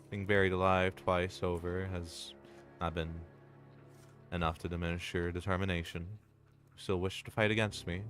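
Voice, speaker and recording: A man voicing a possessive, menacing female entity that is inhumanly strong as he reads game dialogue aloud, in slow, theatrical, formal speech. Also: deep voice, lightly acted.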